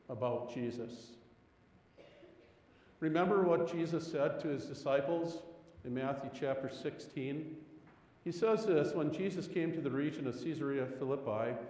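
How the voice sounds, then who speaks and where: A man's voice: roomy sound, big-room sound, low-quality recording. A man preaching a sermon as a pastor, telling stories and pressing rhetorical questions with rising emphasis. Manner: animated storytelling, rising pitch on rhetorical questions.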